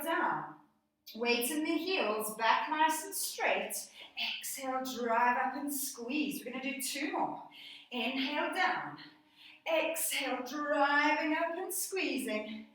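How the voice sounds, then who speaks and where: A woman's voice: high voice, fairly bright tone. A woman fitness instructor guiding a workout, cueing breaths and counting reps, a little out of breath. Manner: encouraging, counts and cues breathing. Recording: echoey room, voice from a distance.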